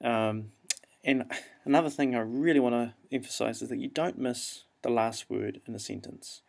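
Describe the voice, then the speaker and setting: A man with a New Zealand accent, an English teacher explaining how to perform an audio story in a relaxed, explanatory way. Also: mid-range voice, normal speed, gravelly. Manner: relaxed, explanatory, frequent ums and uhs. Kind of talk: classroom instructional talk.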